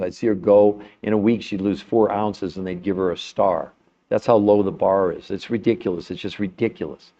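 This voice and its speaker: A middle-aged man giving an impassioned health talk, blunt and fired up, swearing at times and turning soft and emotional. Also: deep voice. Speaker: health presenter. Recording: slightly dull lo-fi sound.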